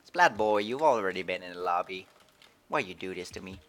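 A man streaming a video game live, chatting playfully and excitedly. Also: low-pitched, fairly quick. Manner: playful, excitable, switching between English and French. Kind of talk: casual live-stream commentary.

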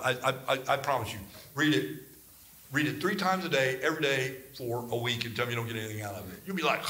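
Animated, bright-voiced male Bible teacher. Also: on the high side, brisk, echoey room. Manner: animated, rambling storytelling with dramatized scripture.

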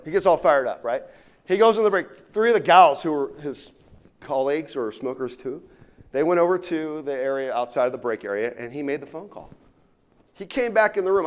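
Man giving a motivational keynote. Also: on the high side. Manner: storytelling with swings from loud punches to quiet asides. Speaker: keynote speaker. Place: conference room before a live audience.

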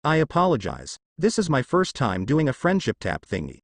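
A man's voice: medium pitch, wildly swooping pitch, moderate pace. A man reading the lines of an earnest, formal young male ninja in a fan fiction story, in nearly his own voice.

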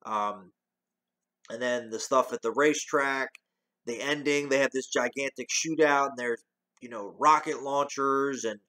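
A man's voice: medium pitch, measured pace, sharp tone. A man giving a casual, rambling movie review, talking loosely, restarting often and swearing now and then.

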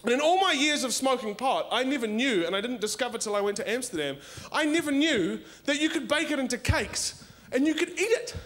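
High-voiced young New comedian. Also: male voice, a little fast, hardly any pauses. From New Zealand. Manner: animated, laughing storytelling. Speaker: stand-up comedian. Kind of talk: stand-up comedy set. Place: live comedy stage.

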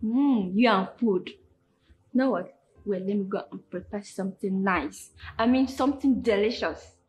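A woman's voice: mid-range voice, normal speed, a little mellow, soft background music. A woman in a comedy skit, speaking sweetly to her partner. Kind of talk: Nollywood comedy skit acting.

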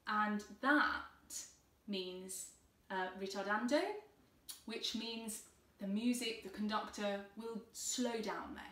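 A woman's voice: mid-range voice, slow pace, sharp tone. Roomy, distant woman teaching cello. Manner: encouraging, patient, step-by-step instructions. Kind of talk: online music tutorial.

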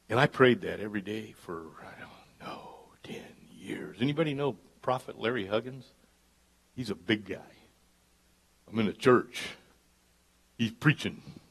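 A pastor preaching a live church sermon, dropping to hushed asides and climbing to loud, emphatic peaks. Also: male voice, medium pitch, normal speed, vocal fry, long pauses, slightly rough. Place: church service.

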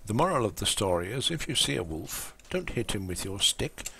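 A man's voice: lowish voice, big pitch swings, brisk, vocal fry, sharp tone, slight background noise. A man chatting casually and rambling while he plays a game on a live stream. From England. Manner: rambling, full of ums and restarts.

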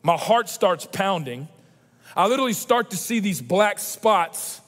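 High-voiced pastor preaching. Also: male voice, a little slow. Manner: animated, emphatic preaching with personal storytelling. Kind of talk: sermon. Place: large church auditorium. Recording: long reverb of a church auditorium.

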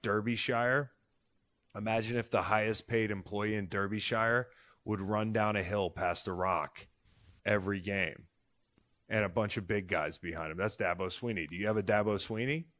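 Lowish-voiced, excitable man cracking jokes. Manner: excitable, profane, jokey banter. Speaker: podcast host. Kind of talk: casual chat.

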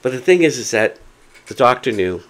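A hard-of-hearing man casually retelling a doctor's visit to camera, animated and quoting people as he goes. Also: mid-range voice, brisk. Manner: animated retelling with acted quotes. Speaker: vlogger.

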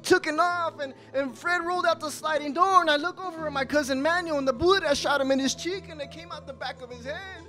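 A young man giving a live spoken testimony at a coffee house, telling his story with strong emotion, his voice climbing in tense moments and sinking low in sad ones. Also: sharp tone.

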